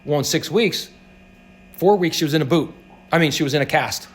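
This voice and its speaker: Fast-talking animated man telling stories. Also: a little high. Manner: animated, acts out quoted voices. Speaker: healthcare practitioner guest. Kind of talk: casual interview storytelling.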